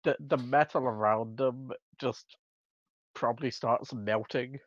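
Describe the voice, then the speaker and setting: A man's voice: mid-range voice, steady tone, slow, no room sound, highs cut off. A man playing a tabletop game who describes his character's actions in a hesitant way, with many restarts. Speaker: player.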